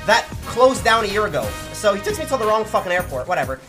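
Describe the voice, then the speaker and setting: Young male streamer, animated and profane, over loud background music. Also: high voice, quick pace. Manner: profane, animated, heavy swearing. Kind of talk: casual stream storytelling.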